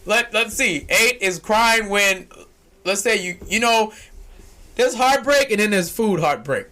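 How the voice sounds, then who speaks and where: A man hosting a casual podcast, his voice pitched high and bright with a forceful edge. He rambles through jokes in loose, slangy talk and can jump into loud, shouting bursts. The feel is off-the-cuff chat among friends. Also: expressive, a little slow. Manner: uses informal slang. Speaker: podcast host.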